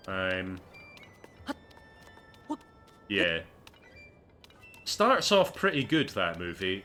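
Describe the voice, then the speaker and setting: Dude streaming a game, sarcastic, swears a lot, slow talker, bright voice, faint music. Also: male voice, on the low side. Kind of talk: casual gameplay commentary.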